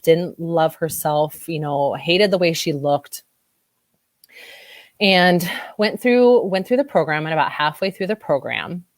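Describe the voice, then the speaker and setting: A woman's voice: low-pitched, dry recording, studio quality. A woman body-image coach telling a client story in an interview, emotional and teary, gushing as she quotes herself. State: teary-eyed.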